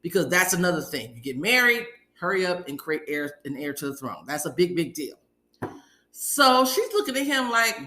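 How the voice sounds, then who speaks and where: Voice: medium pitch, expressive, a little fast, sharp tone, reverberant. A podcast host giving a casual episode recap, retelling scenes in a chatty way and acting out quotes from the characters.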